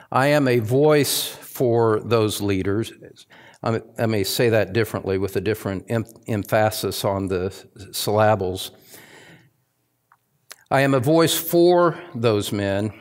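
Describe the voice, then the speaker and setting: A middle-aged man preaching a sermon as pastor in a church service that is streamed live, speaking earnestly and reflectively with frequent restarts and asides. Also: medium pitch.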